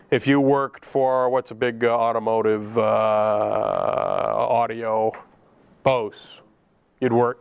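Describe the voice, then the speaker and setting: A middle-aged man teaching an electronics class, chatty and joking, laughing at his own asides. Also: medium pitch. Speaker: electronics instructor. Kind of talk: classroom lecture.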